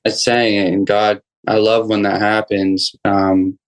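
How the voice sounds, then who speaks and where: A young man, a guest musician, telling a personal story in a casual interview, halting with many restarts and fillers. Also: fairly low pitch, flat delivery, low-quality recording.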